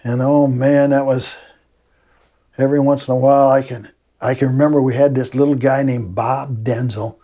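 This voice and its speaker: A man's voice: medium pitch, little pitch movement, normal speed, dark tone. An older man, a retired teacher telling folksy classroom stories with frequent laughs in a casual interview.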